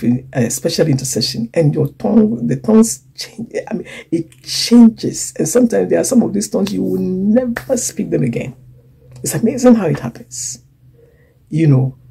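Gravelly, husky woman preaching a sermon. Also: sits low, rough recording. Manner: dramatic swings between loud emphasis and hushed whispers; acts out quoted voices and laughs between points.

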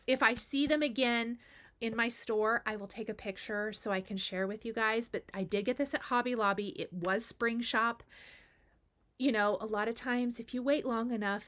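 A woman hosts a cross stitch video, chatting casually and gushing over her finished pieces, repeating words for emphasis. She has the hiccups, and her voice is medium-pitched with a fairly bright tone in this show-and-tell chat.

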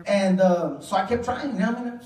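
On a club stage, a stand-up comedian with a Chicano English accent goes through a self-deprecating, profane, rambling routine. His voice is high, fairly quick and a little mellow. The mic sits far away in a roomy hall, catching the crowd's laughter.

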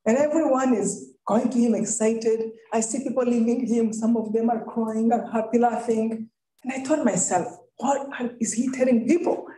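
A woman from Rwanda with a Rwandan accent, giving a faith-based storytelling talk as a guest speaker, lively and often laughing. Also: on the high side, moderate pace. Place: college event hall. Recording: echoey room.

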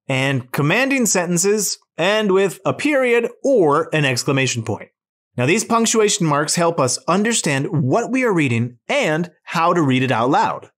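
A teacher narrates a children's lesson, speaking slowly and clearly. The voice swoops up and down with bouncy, animated intonation. The tone is encouraging and is pitched to keep young kids listening.

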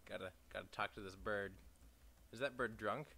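Young man, bright tone, casual game commentary, sarcastic, swears, sudden yelps. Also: lowish voice, normal speed, creaky. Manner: profane, sarcastic, reads game text aloud; sudden loud outbursts. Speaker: let's play gamer.

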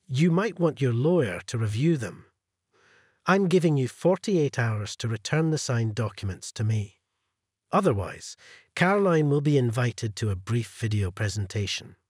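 A man's voice: mid-range voice, darkish tone, breathy edge, dry recording, clean studio sound. A man narrating a scripted first-person story in a cold, commanding manner.

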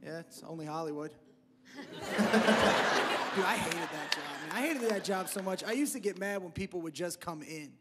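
A man's voice: sits high, normal speed, pauses often, very noisy. A male stand-up comedian on stage, ranting in a brash, profane way. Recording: comedy club stage, loud audience laughter.

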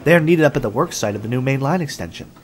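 A man doing a brisk, upbeat little engine. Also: medium pitch, lively intonation, a little hiss or hum, pitched above the performer's own voice, close to an everyday voice.

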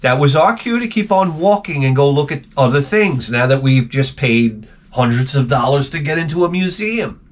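A man hosting a video, telling a rambling, profane comic rant with lots of restarts and asides, swinging between loud bursts and muttered remarks. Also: medium pitch, lively intonation, normal speed, hardly any pauses. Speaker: video host.

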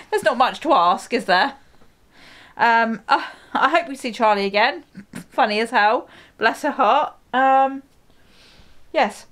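Slow-talking woman reacting with laughter. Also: fairly high pitch, animated, a bit bright. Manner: exclamatory, laughs often, chatty. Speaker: reaction video host. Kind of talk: casual reaction commentary.

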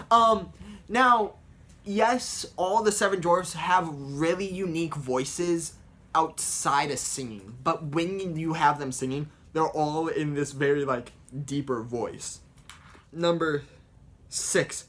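This young adult man is a vlogger who does voice impressions, and here he chats casually about them, rambling and explaining with plenty of fillers. His voice is fairly high and fairly bright, and he takes things slowly.

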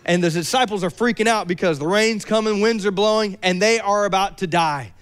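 A young adult man preaching a sermon, lively and joking with playful asides. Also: high voice, fairly quick, few pauses, clear, resonant tone. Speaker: pastor.

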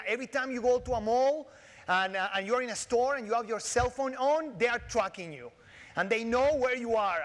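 A man with a Latin American Spanish accent giving a conference keynote lecture in an animated, joking way, with frequent restarts and fillers. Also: very high voice. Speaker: keynote speaker. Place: large conference hall. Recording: long hall reverb.

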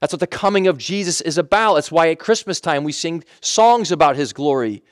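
Speaking fairly quickly with lively intonation, this pastor's voice sits on the high side. He preaches in a conversational style full of emphatic repeats and self-corrections, captured with clean studio sound and no echo.

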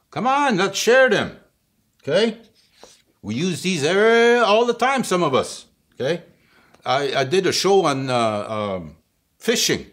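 A man's voice: fairly high pitch, fairly bright tone. A man giving a casual vocabulary lesson, patient and chuckling often, checking in with the listener after each word. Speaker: language teacher.

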